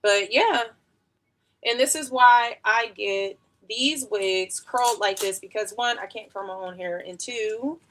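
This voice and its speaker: Woman in her thirties, beauty streamer at home; bright, loose, rambling delivery full of slang and asides. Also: medium pitch, unhurried. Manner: rambling, chatty, slangy, laughs often. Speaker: beauty livestreamer. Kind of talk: casual live-stream chat during a wig tutorial.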